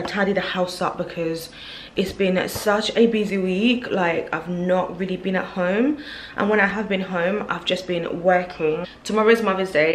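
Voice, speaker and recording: A woman vlogging at home, talking to camera in a halting, heartfelt, reflective way. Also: on the low side, slight background noise. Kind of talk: casual vlog talk to camera. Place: home, indoors. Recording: echoey room.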